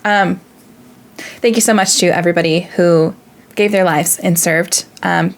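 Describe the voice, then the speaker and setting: A woman's voice: on the low side, steady tone, measured pace, gravelly. A woman hosting a reaction video, talking casually in an earnest, emotional way and thinking aloud.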